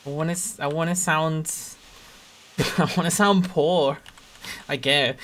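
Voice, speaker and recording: A game streamer with a Northern English accent from around Sheffield, chatting casually and rambling, often laughing mid-sentence and softening their own accent. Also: medium pitch, fairly even intonation, unhurried, long pauses. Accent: Northern English, Sheffield area. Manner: trims own accent toward neutral. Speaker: game streamer reading chat. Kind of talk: casual live-stream chat.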